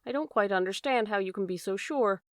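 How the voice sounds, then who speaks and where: A woman voicing a shrewd, calm gentleman detective in an audiobook reading, measured and crisp. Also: mid-range voice, no echo, studio quality, lightly acted. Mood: coaxing.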